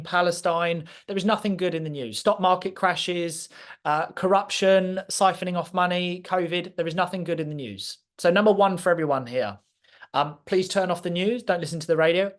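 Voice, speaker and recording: Speaking to a live crowd, this male guest speaker has a slightly elevated pitch and gives a motivational address. He sounds clear and commanding, driving home each point with direct, emphatic passion.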